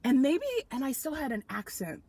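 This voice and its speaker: Woman, about thirty, American accent; high, swooping, animated comic storyteller. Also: normal speed, husky, no echo. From Nigeria. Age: around 30. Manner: animated storytelling, self-mocking, bursts of loud laughter. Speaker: podcast co-host. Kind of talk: comedic casual chat.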